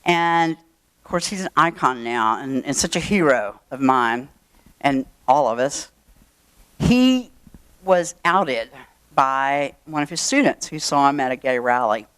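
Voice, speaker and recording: A woman's voice: a bass voice, expressive, a little slow, a bit bright, clean tone, dry recording. An older woman, telling a personal story to a live audience in a chatty, wry way, with asides and fillers. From Texas. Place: event room.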